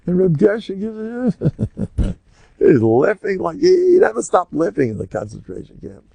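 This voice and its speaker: Older American rabbi lecturing, gravelly, husky, dry close sound, lively animated storyteller. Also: male voice, sits high, measured pace, dry recording, muffled recording. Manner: animated storyteller who acts out scenes. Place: lecture room with listeners.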